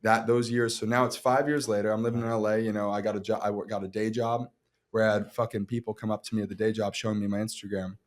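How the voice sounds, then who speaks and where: A young man, an actor, telling his story on a casual podcast in a profane, animated way with many restarts. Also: fairly low pitch, fast talker. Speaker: actor guest.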